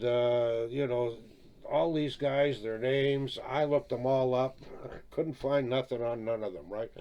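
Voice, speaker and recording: A man's voice: medium pitch, mellow. Chatty man rambling about records. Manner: rambling, chatty, peppered with "eh?" and "right?", chuckles often. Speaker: record collector showing his albums. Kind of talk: casual video chat about vinyl records.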